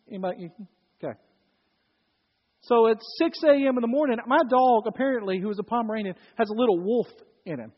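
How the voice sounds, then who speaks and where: A middle-aged man preaching a sermon, telling stories with acted quotes and sudden loud bursts. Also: very high-pitched, brisk, big-room sound, muffled recording. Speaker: pastor. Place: church hall.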